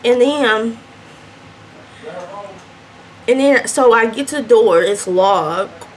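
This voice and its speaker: A young adult woman vlogger tells a story in an animated, chatty way between bites during a mukbang storytime. Her voice is on the high side and her pace slow, with slight background noise.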